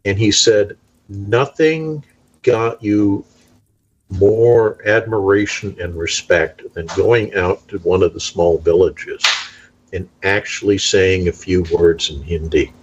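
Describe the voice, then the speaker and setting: A man chatting in a relaxed, easygoing way over a muffled remote line with a faint hiss. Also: low-pitched, slow pace. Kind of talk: casual conversation.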